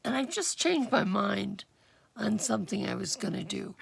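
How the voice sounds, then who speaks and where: Working at a table on a junk journal project, a woman walks through each step of a casual craft demo in a gruff morning voice. Her mid-range delivery is animated yet unhurried, full of fillers, thinking aloud and occasional whispers. The clear background carries the clicking of craft tools.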